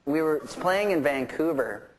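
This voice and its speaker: Rambling rock musician telling stories. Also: male voice, on the high side, expressive, measured pace, slight background noise, low-quality recording. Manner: rambling, full of fillers and restarts, laughing through stories. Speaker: interview guest, rock musician. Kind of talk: casual storytelling interview.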